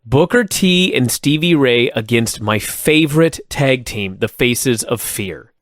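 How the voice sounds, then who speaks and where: A man's voice: mid-range voice, animated, measured pace, fairly bright tone, no room sound. A middle-aged man co-hosting a casual podcast, his mid-range voice jumping around with emphatic enthusiasm. He is recorded close and dry, with no room sound at all. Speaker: podcast co-host. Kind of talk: casual wrestling review chat.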